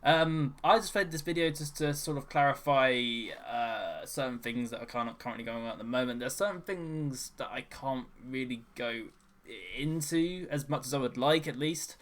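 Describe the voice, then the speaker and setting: A man's voice: mid-range voice, moderate pace, a bit bright. A man casually updating his viewers in a vlog, hesitant and apologetic, with many fillers and restarts. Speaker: channel host.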